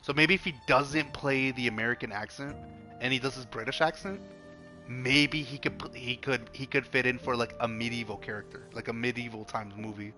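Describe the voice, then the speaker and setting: A man's voice: medium pitch, steady tone, fairly quick, over music. A young man streaming a game, chatting casually in a rambling, profane way, full of stop-start restarts.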